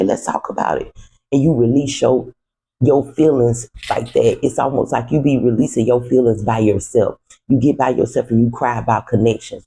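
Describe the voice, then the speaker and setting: Gravelly, mellow-voiced male tarot reader. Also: medium pitch, low-quality recording. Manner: relaxed, conversational, speaks to viewers as "you" and "the collective". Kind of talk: casual spoken tarot reading.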